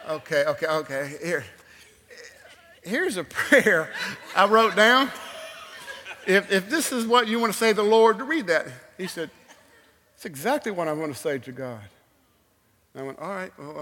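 Male preacher, high bright voice, lively storytelling sermon, long church reverb. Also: unhurried, long pauses, slight background noise. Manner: animated storytelling, swings from loud exclamations to hushed invitation. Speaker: guest preacher. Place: church sanctuary.

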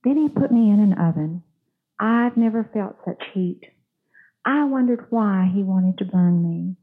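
A woman's voice: mid-range voice, animated, a little slow, slightly rough. Lady preacher doing a talking teacup, pleading and suffering, thin phone-line sound, in a sermon story.

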